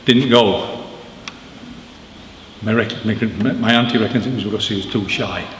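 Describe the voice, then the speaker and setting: Animated man speaking in a church. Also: fairly low pitch, unhurried. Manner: animated storyteller, emphatic, informal asides. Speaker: author giving a book launch talk. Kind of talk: public talk to an audience. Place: church hall. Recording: echoey church with long reverb, faint noise.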